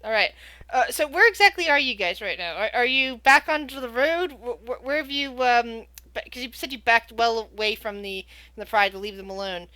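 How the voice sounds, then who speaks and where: A woman's voice: a little high, brisk, sharp tone, no room sound. A woman acting as game master, narrating a tabletop game with frequent restarts and hesitations. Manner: hesitant, restarts often while describing.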